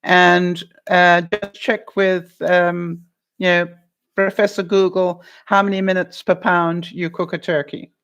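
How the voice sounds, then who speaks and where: A woman's voice: on the low side, level tone, slow, fairly bright tone, dull audio. Chatty woman vlogger who laughs often. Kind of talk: casual chat answering viewer comments.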